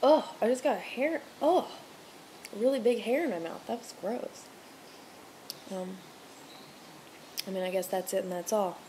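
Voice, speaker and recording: Young woman, casual chat to camera, rambling, swearing, mid pitch, faint background noise. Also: unhurried, pauses often, warm tone. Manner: chatty, rambling, swears freely, rants heatedly. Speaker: vlogger, restaurant server. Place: home room with TV on.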